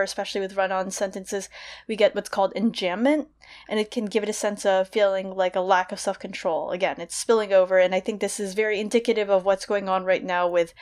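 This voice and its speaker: A young woman in casual analytical talk, explaining poetry thoughtfully and often restarting with fillers like "you know" and "like". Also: medium pitch. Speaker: podcast co-host discussing literature.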